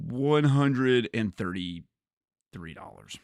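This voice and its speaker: A man chatting casually on a gaming livestream, animated, often repeating words and laughing. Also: mid-range voice, moderate pace, vocal fry, no echo, studio quality.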